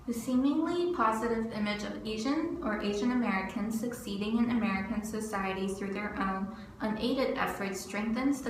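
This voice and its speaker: A young woman from California, a student narrating her video essay from a script, earnest and steady. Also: a little high. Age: young adult. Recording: roomy with faint background noise.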